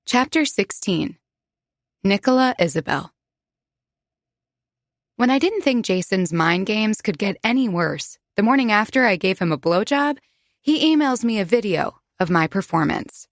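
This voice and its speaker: A woman reads a first-person romance novel aloud, close and confiding, in a mid-pitched voice. The sound is dry and near the microphone, with no room around it. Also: animated, unhurried, no echo. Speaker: audiobook narrator.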